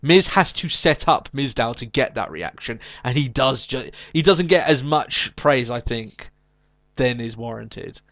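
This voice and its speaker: A man's voice: mid-range voice, lively intonation, measured pace, a bit bright, dull audio. A man co-hosting a podcast in casual chat, recapping with lots of ums and restarts. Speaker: podcast co-host.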